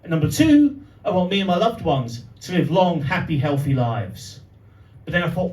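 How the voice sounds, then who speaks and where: In a pub with a live crowd, a young man whose voice sits on the high side delivers a stand-up set at a normal pace. His animated tales build to punchlines, recorded from a distance in an echoey room as the audience laughs.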